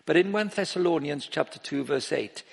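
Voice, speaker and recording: A middle-aged man preaching an informal sermon, breaking off and restarting his sentences and growing animated as he tells stories. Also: a little high, moderate pace, vocal fry, breathy edge. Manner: informal, self-interrupting, grows animated while telling stories. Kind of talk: sermon with anecdotes. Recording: long reverb of a large hall.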